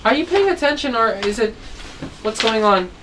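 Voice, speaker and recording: An expressive woman with a fairly high voice speaks at normal speed while teaching children phonics online, telling a simple story. She constantly checks that they're following; the mic is distant and there is faint background noise.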